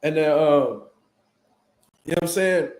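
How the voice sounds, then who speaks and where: Animated man. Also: fairly high pitch, unhurried, roomy sound. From Philadelphia, US. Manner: animated, profane street slang. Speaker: boxing show host. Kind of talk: casual storytelling.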